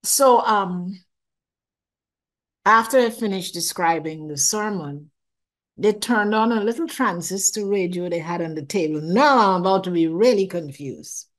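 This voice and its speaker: With a mid-range voice and a measured pace, an older woman tells an interviewer about nearly dying. She's expressive, voices what she was thinking back then, laughs frequently and repeats words as she tells her story with animation.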